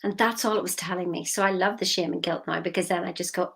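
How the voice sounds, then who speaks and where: A woman's voice: on the low side, steady tone, fast talker, creaky, hardly any pauses, slightly rough. A woman giving a motivational talk, telling a story in a chatty way and asking listeners questions. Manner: chatty, asks the listener questions, drops to a whisper for emphasis. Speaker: motivational coach.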